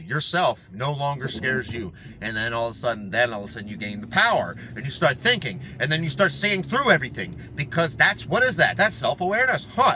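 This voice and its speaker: Swearing, animated man ranting in a car. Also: fairly high pitch, a little hiss or hum. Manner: blunt, heavy swearing, animated. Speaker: fitness vlogger. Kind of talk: profane motivational rant. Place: inside a car.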